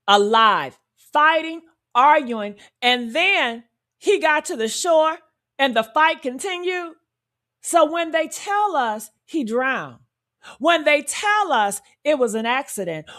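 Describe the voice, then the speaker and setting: Sassy, emphatic woman, slightly high voice. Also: fairly bright tone. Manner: sassy, emphatic, repeats points, addresses viewers as honey and y'all. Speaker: commentary channel host. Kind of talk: true-crime commentary.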